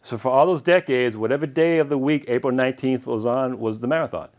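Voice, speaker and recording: A middle-aged man lectures in an easygoing, conversational way. He rambles through stories with the odd chuckle, his voice sitting at a plain, ordinary pitch. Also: fast talker, darkish tone. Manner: chatty and anecdotal, chuckling at his own stories. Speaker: lecturer and longtime marathon runner. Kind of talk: casual illustrated lecture.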